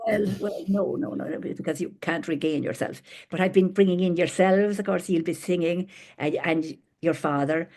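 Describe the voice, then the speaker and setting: A woman hosting a spiritual gathering over a video call, talking gently and rambling affectionately between stories. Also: lowish voice, normal speed. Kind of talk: informal spiritual talk with stories.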